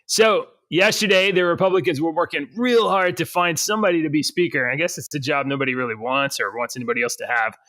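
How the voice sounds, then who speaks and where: A man co-hosts a casual podcast, rambling through the news with jokes and restarts. His voice sits a little high and sounds bright and forward. The sound is dry and close. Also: fast talker, few pauses, dry recording. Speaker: podcast co-host.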